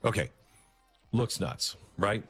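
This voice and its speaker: A middle-aged man hosting a talk show, giving animated, mocking political commentary. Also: lowish voice, slow pace, soft background music. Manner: animated, mocking, acts out quotes.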